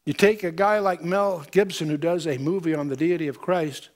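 A man's voice: a little high, normal speed. A man giving a verse-by-verse Bible lecture, reading scripture aloud and breaking in with pointed commentary. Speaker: Bible teacher.

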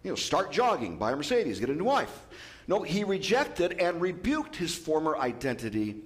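A man preaching a sermon as pastor, lively and joking with asides. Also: a little high, normal speed. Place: church.

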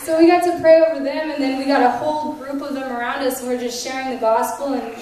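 High-voiced woman sharing testimonies. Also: quick pace, background noise. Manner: animated retelling with quoted dialogue, laughs between lines. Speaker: conference speaker sharing testimonies. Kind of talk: testimony storytelling. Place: large conference hall. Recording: echoey hall, voice from a distance.

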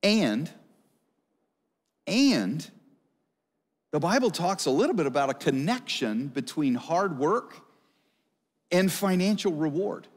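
A man's voice: fairly high pitch, very animated, takes it slowly, long pauses. Guy pastor giving a sermon, chatty, asks the crowd stuff, echoey church. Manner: conversational, asks the congregation questions. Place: church service hall. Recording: long hall reverb.

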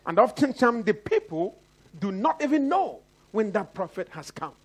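A man's voice: big pitch swings, normal speed, slightly rough. A pastor from Nigeria preaching a sermon, calling out to the congregation again and again and acting out the voices he quotes. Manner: preaching with repeated call-outs to the congregation; acts out quoted voices with big pitch swings.

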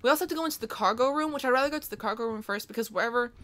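Young woman, gaming host, bright forceful voice, slightly high pitch, jittery self-mocking commentary, startled yelps. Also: rapid-fire. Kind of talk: gameplay commentary.

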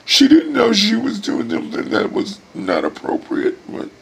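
A weary middle-aged man speaks into his camera from a hospital room, his voice heavy with gravel and fry. He sighs and stalls, his pitch swinging widely as he holds back tears, while a faint hum of the room sits underneath. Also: huge pitch swings. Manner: emotional, sighing, halting. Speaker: vlogger. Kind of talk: personal video diary.

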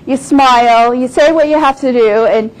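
Middle-aged woman guest speaker, kinda high voice, animated storyteller, keeps repeating her point. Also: moderate pace, rough recording. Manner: emphatic, repeats points for stress. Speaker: guest speaker, business owner. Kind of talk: lecture with personal stories.

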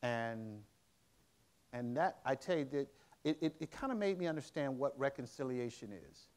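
Brief middle-aged man lecturing, lively pitch that rises and drops to quiet asides, loose and halting storytelling. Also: smooth. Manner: conversational, halting with frequent restarts and fillers. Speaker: museum director giving a public lecture.

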